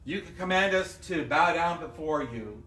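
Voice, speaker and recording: Resolute young believers standing their ground, voiced by a preacher, heard from afar. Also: male voice, fairly high pitch, animated, moderate pace, sharp tone. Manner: firm, resolute. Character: three defiant faithful young men. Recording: echoey room, mic at a distance.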